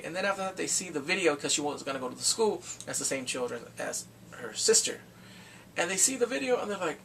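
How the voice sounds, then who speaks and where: A man recapping a TV drama in casual talk, acting out the characters' lines in quick animated bursts. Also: fairly high pitch, creaky, distant mic, slight background noise. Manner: animated, acts out quotes from the show in quick bursts. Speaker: drama reviewer.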